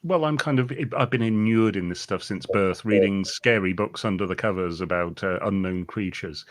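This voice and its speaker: A man's voice: low voice, normal speed. A man from the West Country of England, a writer guest in an interview, talking in a dry, digressive way. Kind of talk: casual interview chat.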